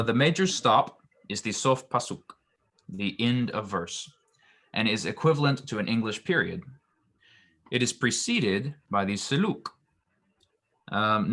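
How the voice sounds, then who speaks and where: Deep low guy tutoring grammar, lots of ums and restarts. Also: expressive, unhurried, bright, forceful tone. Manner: hesitant, many ums and restarts. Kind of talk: explaining grammar in a lesson.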